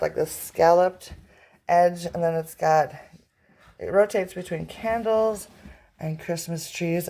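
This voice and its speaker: A woman's voice: on the low side, gravelly, darkish tone. A middle-aged woman giving a chatty, gushing tour of her home decor. She uses fillers and stops to search for words. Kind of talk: casual home tour chat.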